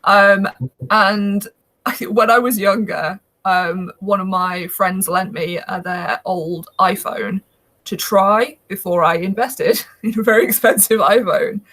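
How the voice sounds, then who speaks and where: A woman's voice: mid-range voice, steady tone, slow, a bit bright. A woman hosting a podcast in casual conversation, easygoing and laughing often. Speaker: podcast host.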